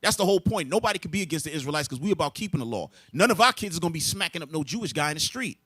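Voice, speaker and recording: A man's voice: on the high side, expressive, very fast, bright, forceful tone, slightly rough, no echo. Emphatic New man preaching. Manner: emphatic, asks rhetorical questions and answers them. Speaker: religious teacher. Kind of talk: preaching lesson to a group.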